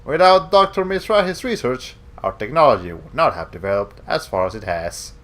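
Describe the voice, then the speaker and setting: A man doing a flat, cold android woman. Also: medium pitch, natural voice. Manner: slow, flat robotic delivery. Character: flat-voiced female android, cold and calm.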